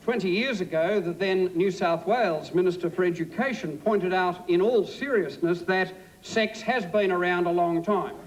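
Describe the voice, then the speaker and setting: High-voiced male moderator with dry wit. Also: normal speed, few pauses, highs cut off, noisy background. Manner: dry, wordplay-laden. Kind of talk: witty speaker introductions. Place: theatre stage.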